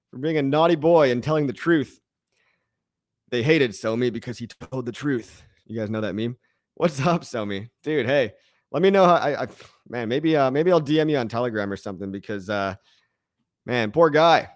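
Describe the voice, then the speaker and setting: A man's voice: mid-range voice, moderate pace, no echo, clean studio sound. A man hosting a casual crypto live stream, reading chat comments and rambling with jokes and the odd swear word.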